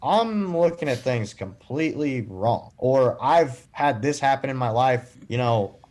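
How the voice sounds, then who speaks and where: A man's voice: medium pitch, lively intonation, unhurried, a little mellow. A young adult man, a podcast guest, earnestly telling a personal story in casual conversation and acting out the dialogue. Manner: earnest, acts out quoted dialogue. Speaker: podcast guest, boating safety speaker.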